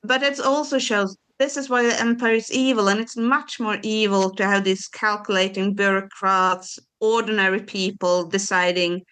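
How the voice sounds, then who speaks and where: A woman's voice: mid-range voice, steady tone, normal speed, hardly any pauses, fairly bright tone, clear, resonant tone. A woman co-hosting a podcast in casual chat, explaining her views at length with enthusiasm. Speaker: podcast co-host.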